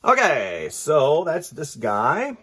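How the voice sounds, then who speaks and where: A man's voice: a little high, wildly swooping pitch, slow, breathy edge. Congested man mumbling through a sketch. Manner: thinks aloud while drawing, often trailing into quiet mumbles. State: congested, stuffy nose. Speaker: artist. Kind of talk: casual drawing commentary.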